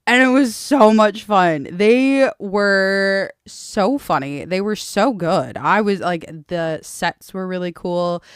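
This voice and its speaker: Young female podcast co-host, chatty and bubbly, smooth but slightly hoarse voice, dry close sound. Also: medium pitch, dry recording. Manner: bubbly, swears casually, laughs often. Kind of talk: casual chat.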